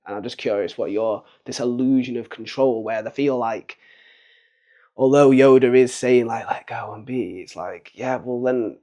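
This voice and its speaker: A man hosting a podcast, chatting casually about spirituality in a slangy, animated way. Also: medium pitch, normal speed. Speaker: podcast host.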